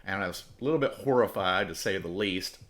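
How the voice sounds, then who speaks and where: A man's voice: sits low, expressive, brisk, a bit bright. A man telling a rambling, profane personal story as host of his podcast. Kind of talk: casual storytelling.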